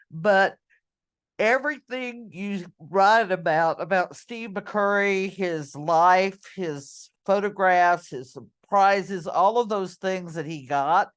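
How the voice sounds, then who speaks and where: Woman, teacher, lesson walkthrough, low voice, slow pace, chatty with ums. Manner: chatty, with many ums and self-corrections. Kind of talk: screen-recorded lesson walkthrough.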